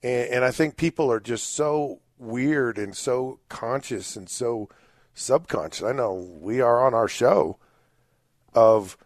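Sports talk co-host guy, mid pitch, dry close mic, stumbles into his points. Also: measured pace, dry recording. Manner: opinionated, repeats words when starting.

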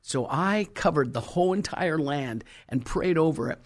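A middle-aged woman preacher telling a story in a sermon, stressing key words slowly. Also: low voice, expressive.

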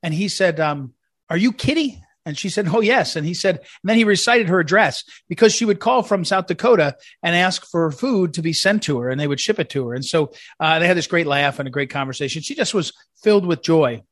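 A man with a fairly high voice tells fond stories in a loose, rambling way, often restarting his sentences. The sound is dry and close, with no room echo. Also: expressive, fairly quick, few pauses, a bit bright. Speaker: commentary host. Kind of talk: eulogy-style spoken commentary.

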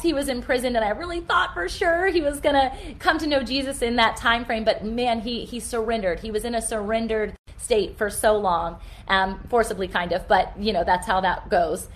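A middle-aged American woman hosting a faith-based podcast, telling a personal story in an earnest, preachy way. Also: fairly high pitch. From United States. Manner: earnest, preachy, rushes through asides. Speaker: podcast host.

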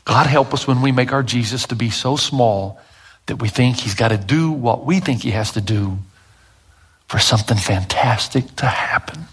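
Brief: middle-aged male preacher, husky tone, mid pitch, dramatic emphatic delivery. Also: normal speed. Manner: emphatic, dramatic swings from loud to hushed. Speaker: pastor. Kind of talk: sermon.

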